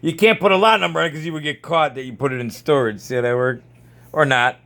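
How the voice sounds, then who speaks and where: A man's voice: on the high side, fast, gravelly, a bit bright, slight background noise. A man vlogging at home, ranting sarcastically and swearing as he checks jars in his storage. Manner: keeps repeating "see how that works".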